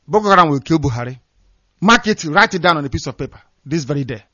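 A man's voice: a little high, animated, fast talker, sharp tone, no room sound, highs cut off. A man from Nigeria, delivering scornful, emphatic political commentary as a radio broadcaster. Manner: fiery, scornful, emphatic, repeats phrases for stress.

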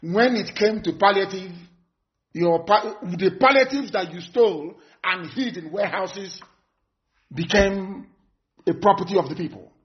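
A man with a notably high voice delivers a live broadcast address. He is stern and repetitive, pressing his warnings home and at times breaking into shouts. The audio is dull and lo-fi. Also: measured pace. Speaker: activist broadcaster.

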